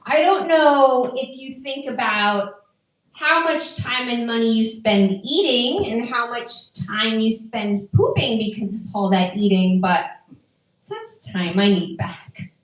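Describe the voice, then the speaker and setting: A middle-aged woman doing a stand-up comedy set before a live audience, delivering dry, deadpan one-liners. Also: fairly high pitch, slow. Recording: echoey room from far off.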